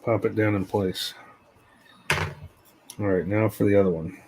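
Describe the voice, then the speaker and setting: A man casually talking through a scale model build as he works, relaxed and rambling. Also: fairly low pitch, unhurried, background noise. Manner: relaxed, rambling, tells stories while working.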